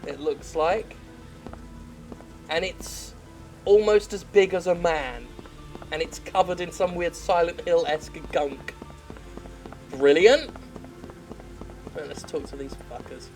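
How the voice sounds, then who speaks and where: A woman's voice: lowish voice, unhurried, darkish tone, poor audio. Sarcastic woman ranting through a game playthrough, swears a lot, faint music. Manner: sarcastic, profane, laughing. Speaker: game critic. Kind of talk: sarcastic let's-play commentary.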